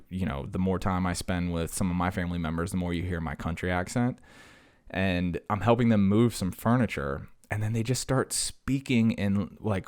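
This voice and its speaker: Deep-voiced man rambling casually. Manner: rambling, jokey, self-deprecating, lots of fillers. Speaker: podcast host. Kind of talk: casual solo chat.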